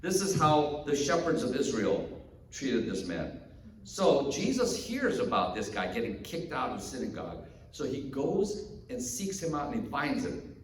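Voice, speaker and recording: A man's voice: medium pitch, normal speed. Male pastor, chatty sermon delivery, big echoey sanctuary with faint background noise. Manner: conversational storytelling, animated, acts out characters. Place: church sanctuary. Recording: echoey hall from far off.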